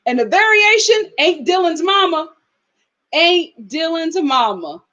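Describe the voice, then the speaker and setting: A woman's voice: very high-pitched, sing-song, slow pace, pushed and bright, highs cut off. A young woman, chatting casually on a live stream, reading viewers' comments, laughing often and quoting people in exaggerated voices. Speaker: host of a live TV review stream.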